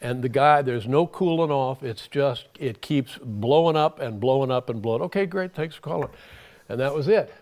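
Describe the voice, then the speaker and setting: An older man, a talk show guest, telling anecdotes in a halting way with many fillers and a dry humor. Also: medium pitch, a little mellow. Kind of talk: anecdotal storytelling in interview.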